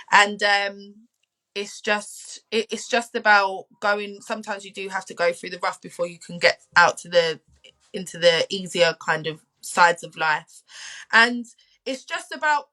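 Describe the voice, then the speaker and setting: Frank young woman, bright voice. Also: mid-range voice, low-quality recording. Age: 20s. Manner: frank and emotional, repeats phrases for emphasis. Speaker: guest sharing personal experience. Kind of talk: candid personal testimony.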